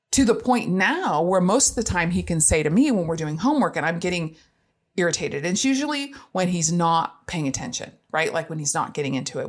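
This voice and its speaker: Candid low-voiced woman telling a story. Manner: frank, expressive, self-deprecating, laughs easily. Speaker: parent sharing experiences.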